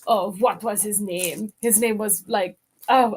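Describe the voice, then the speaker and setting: A woman's voice: medium pitch, fairly even intonation, takes it slowly, husky. A young woman chatting casually while crafting, bubbly and playful, laughing often. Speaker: guest, stepdaughter.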